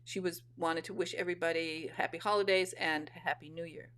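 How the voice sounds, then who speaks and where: A woman's voice: lowish voice, fairly even intonation, fairly quick, heavy background noise. Woman telling a heartfelt story. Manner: earnest, reflective, restarts mid-sentence. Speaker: guest author. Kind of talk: conversational interview storytelling.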